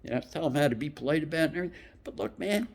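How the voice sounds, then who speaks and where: A man in his fifties telling rambling stories, profane and loose, dropping into whispered asides between louder bursts. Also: a little high, lively intonation, racing, vocal fry. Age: 50s. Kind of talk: rambling storytelling monologue.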